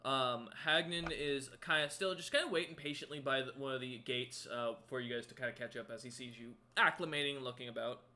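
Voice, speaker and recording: A man's voice: mid-range voice, a little fast, few pauses, sharp tone. A man narrating as game master of a tabletop role-playing game, rambling with many ums and self-corrections.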